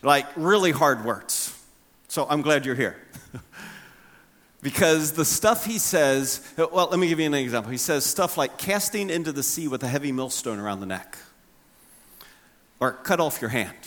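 A middle-aged man delivers a Sunday sermon, relaxed and conversational, with a fairly high voice. His tone is bright and forceful. He acts out quotes with lively jumps in pitch. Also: unhurried, long pauses. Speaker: pastor.

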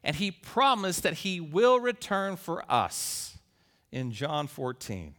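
Guy preaching a sermon, kinda high bright voice, earnest, gets loud and emphatic at points. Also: sing-song, takes it slowly. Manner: earnest storytelling, rising to emphatic peaks. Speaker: pastor.

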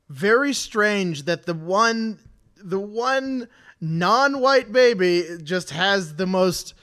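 A man's voice: sits high, fairly bright tone, clear, resonant tone. A man co-hosting a comedy podcast, ranting in an exasperated, profane way in casual chat. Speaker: podcast co-host.

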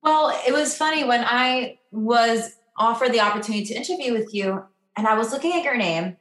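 A woman asking chatty, expressive questions as the host of an interview. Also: on the high side, fairly quick, roomy sound.

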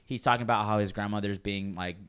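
A man's voice: lowish voice, fast, clean tone. A man in casual chat, telling a long work story with lots of acted-out quotes and swearing. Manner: animated storytelling, swears freely, acts out coworkers' lines.

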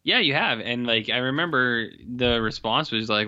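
A man's voice: medium pitch, moderate pace, bright, forceful tone. A man in casual chat as a podcast co-host, asking wry, teasing questions. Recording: dull lo-fi mic.

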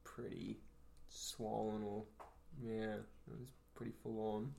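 Man, very flat monotone delivery, understated, faint background hiss. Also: on the low side, slow pace, creaky. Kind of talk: casual storytelling.

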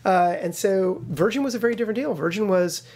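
His voice is high-pitched and quick. A co-founder of a game studio, he spins a story during a relaxed interview, full of fillers and restarts, animatedly performing the voices of the people he quotes.

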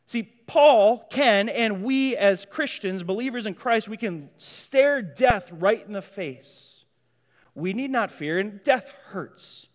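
A man preaching a sermon as pastor, emphatic and prone to repeating words as he goes. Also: high voice. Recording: long hall reverb.

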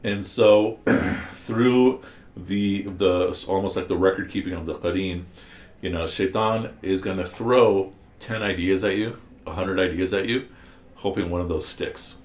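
A man's voice: low-pitched, a little slow, darkish tone, roomy sound. A man teaching a class, explaining ideas step by step and asking his students questions. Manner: explanatory, asks the class questions, many restarts. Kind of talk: classroom commentary on scripture.

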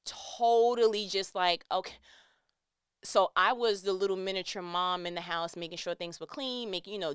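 A woman's voice: fairly low pitch, a bit bright, clear, resonant tone, no room sound, clean studio sound. A woman telling a personal story in a candid, conversational monologue.

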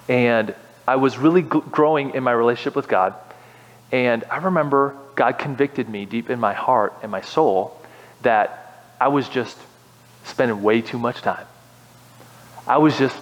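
A young man preaching a sermon as pastor, animated and building to impassioned exhortation. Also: medium pitch, big-room sound, poor audio.

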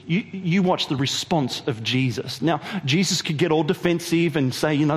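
A man preaching a sermon, retelling a story in an animated way and asking the audience questions. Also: fairly high pitch, moderate pace, hardly any pauses, big-room sound. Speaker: pastor.

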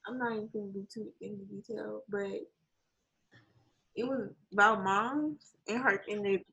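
Creaky-voiced woman telling a story. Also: medium pitch, normal speed, lo-fi sound. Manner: animated storytelling, acts out quotes; swears casually, laughs often. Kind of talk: casual chat.

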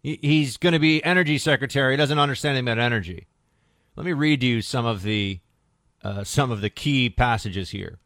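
A man's voice: mid-range voice, a little fast, fairly bright tone, no room sound, clean studio sound. A male talk radio host giving a sarcastic, indignant political monologue in punchy bursts.

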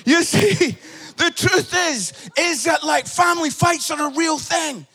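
A middle-aged man preaching a sermon as pastor, telling family stories with animated bursts of shouted emphasis and a habit of asking "yeah?". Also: very high-pitched, a little slow.

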